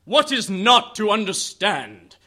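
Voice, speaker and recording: A man's voice: high voice, big pitch swings, slow, bright, forceful tone, full character voice. An actor playing a grandiose, pompous alien cult lord speaking through a man's body, in an audio drama. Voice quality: pompous, theatrical.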